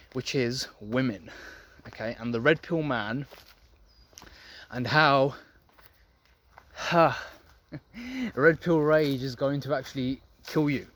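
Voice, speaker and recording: Blunt, profane young man preaching. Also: mid-range voice. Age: young adult. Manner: blunt, profane, preachy, addresses viewers as gentlemen. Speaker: men's self-improvement vlogger. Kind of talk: casual monologue to camera.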